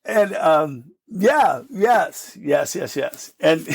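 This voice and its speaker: A middle-aged American man telling candid, animated stories about his recovery and acting out the voices of the people in them, laughing often. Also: a little high, very slow, vocal fry, a little hiss or hum. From United States. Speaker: podcast guest.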